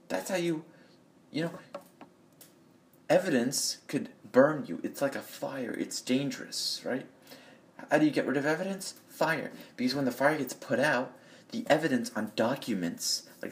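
Blunt profane man ranting into a phone. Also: medium pitch. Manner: blunt, profane, rambling rant. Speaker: vlogger. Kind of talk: ranting monologue. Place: echoey room.

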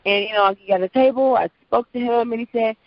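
A woman in her thirties with a low voice for a woman, a lively guest telling her story in a casual interview. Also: fast, no echo. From Prince George's County, Maryland, US. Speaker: actress and voice-over artist, guest. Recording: dull lo-fi audio.

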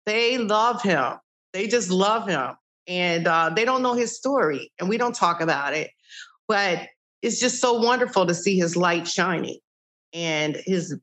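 An older woman, founder of a child-recovery group, telling stories in an interview and acting out old conversations with many "you know" asides. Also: lowish voice. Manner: animated, acts out past conversations. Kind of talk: interview storytelling.

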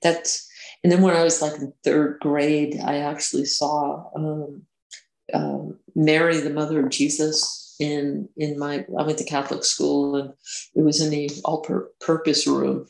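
Guest: woman, gravelly voice, halting delivery, roomy echo. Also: low voice, flat delivery, a little mellow. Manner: hesitant, many restarts and fillers. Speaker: interview guest. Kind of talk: casual recounting of personal experiences.

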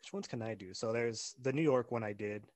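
A man with an everyday mid-pitched voice, chatting casually on a podcast. He teases and plays along with a light touch. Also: brisk, darkish tone. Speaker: podcast co-host. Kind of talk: casual chat.

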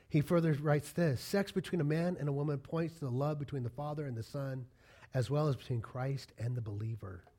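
A man's voice: a little high, a little mellow. A man preaching a conversational sermon to his congregation, acting out little quoted exchanges as he goes. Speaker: pastor.

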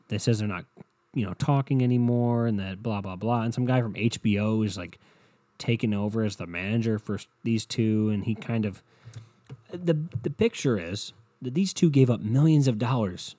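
A man's voice: on the low side, normal speed, warm tone, dry recording. A young man hosting his own podcast, ranting bluntly and rambling with lots of swearing. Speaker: podcast host. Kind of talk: solo podcast rant.

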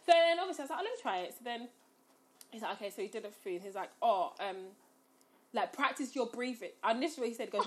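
A young woman tells a story in casual chat. Her voice sits a little high, and she laughs as she goes. She acts out her own quotes with big swings in her voice. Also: animated, very fast, slight background noise.

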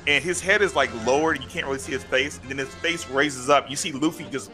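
A fast-talking podcast co-host with a medium-pitched voice retells stories over soft background music. The chat is casual and animated, heavy with fillers, and he's choked up, on the verge of crying.

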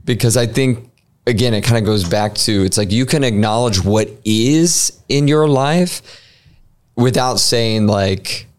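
A man's voice: mid-range voice, measured pace. A man co-hosting a podcast, talking in a thoughtful, casual way with lots of hedging fillers. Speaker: podcast co-host, psychologist. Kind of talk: casual chat.

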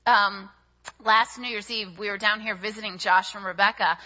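A young woman giving a sermon, telling a personal story in an animated, chatty way with many fillers. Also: mid-range voice, moderate pace. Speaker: speaker at a church service. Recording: dull audio with long hall reverb.

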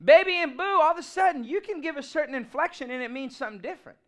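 A man, preaching a sermon in an animated, humorous and emphatic way. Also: very high-pitched, fast talker. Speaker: pastor.

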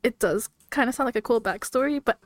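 A young woman co-hosting a podcast, speaking in a reassuring, fairly even tone with frequent laughs. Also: on the high side, fast, no room sound. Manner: reassuring, even-toned, giggly chat. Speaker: podcast co-host. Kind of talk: casual chat.

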